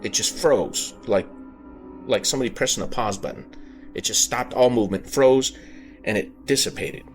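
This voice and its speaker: A man hosting a podcast, telling a personal paranormal story in an earnest, halting way, often circling back to rephrase himself. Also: mid-range voice. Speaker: podcast host. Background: background music.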